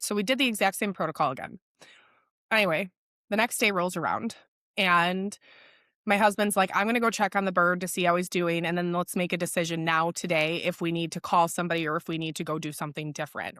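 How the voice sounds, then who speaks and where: A woman's voice: medium pitch, a bit bright, no echo, clean studio sound. Blunt, swearing woman podcast host. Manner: blunt, frequent swearing, storytelling; quotes others in acted voices. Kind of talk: candid solo podcast monologue.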